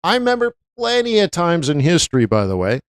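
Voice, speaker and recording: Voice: mid-range voice, wildly swooping pitch, fairly quick, no echo, clean studio sound. A live forex trading stream host giving casual market commentary. The delivery is chatty and anecdotal, and words get repeated for emphasis. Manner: slips into voices when quoting others.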